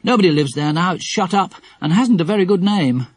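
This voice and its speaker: A brisk, sensible mother voiced by a man, reassuring her children in a storybook. The voice is lightly raised and lively, with a husky grain and a dry, close sound. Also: sits high, dry recording, voice pushed up. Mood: calm.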